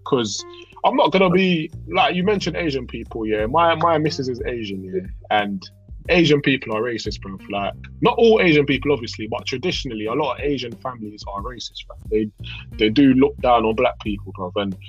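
A man's voice: mid-range voice, fairly quick, husky. Guy rambling in a casual chat, slightly muffled audio with faint music. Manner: relaxed, rambling storyteller, frequent "bro" and "innit".

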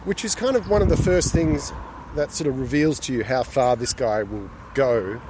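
A man's voice: medium pitch, normal speed, darkish tone. A man chatting casually about a film while walking outdoors on a city street, hesitant and thoughtful, with many restarts. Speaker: film discussion co-host. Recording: street noise from passing traffic. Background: traffic noise.

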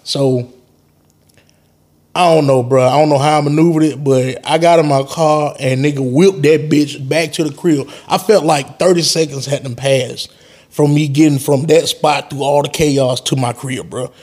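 A young man hosting a podcast and telling a story in casual chat, animated and profane, his voice jumping up when he quotes himself. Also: a little high, normal speed. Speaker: podcast host.

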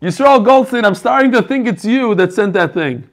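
Hosting a video-call learning group, a man chats casually in a high voice with lively intonation and a moderate pace. He jokes with members and greets them individually by name.

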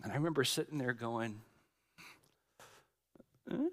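A middle-aged man, a pastor preaching a sermon with dramatic storytelling, swinging from loud to hushed. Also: fairly high pitch, expressive, measured pace.

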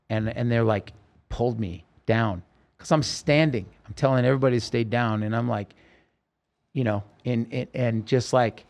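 A man's voice: medium pitch, fairly even intonation, normal speed, a little mellow. A man, a podcast guest, urgently recounting a personal story in vivid, present-tense detail.

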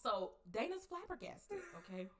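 A woman co-hosting a podcast in casual chat, animated and profane, laughing often and acting out scenes. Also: high-pitched, normal speed, crowd noise. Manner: animated, profane, laughs a lot, acts out lines. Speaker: podcast co-host. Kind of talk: casual chat recapping a show.

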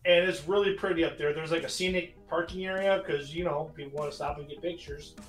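A man's voice: a little high, fairly even intonation, fast talker, distant mic. A man telling a funny story in casual chat, often breaking into laughter. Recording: roomy echo with faint music.

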